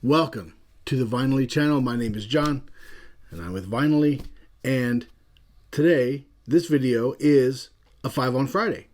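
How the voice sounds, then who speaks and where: A man's voice: mid-range voice, measured pace, a little mellow. Chatty male album-review host. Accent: Philadelphia. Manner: chatty, rambling, self-amused. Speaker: channel host. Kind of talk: casual video commentary on an album.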